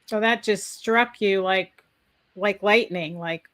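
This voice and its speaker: A woman's voice: medium pitch, slow pace, a bit bright. A woman hosting an interview, reacting with interest and asking follow-up questions. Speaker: interview host. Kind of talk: casual interview chat.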